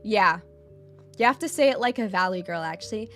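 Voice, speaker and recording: A woman's voice: mid-range voice, expressive, fairly quick, a bit bright, soft background music. Blunt, teasing woman streamer. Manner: blunt, profane and teasing, keeps checking in with "okay?"; repeats phrases for emphasis. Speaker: VTuber streamer teaching Japanese. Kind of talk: casual livestream lesson.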